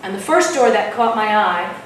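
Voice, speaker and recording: A woman telling a spooky story at an open mic, dramatic and dropping to a hush at tense moments. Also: mid-range voice, animated, moderate pace, a little hiss or hum. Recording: echoey room from far off.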